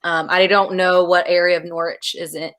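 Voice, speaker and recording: A woman's voice: on the low side, little pitch movement, moderate pace, fairly bright tone. Friendly chatty woman on a video call. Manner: friendly, chatty, laughs often. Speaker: guest reader. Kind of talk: casual group video chat.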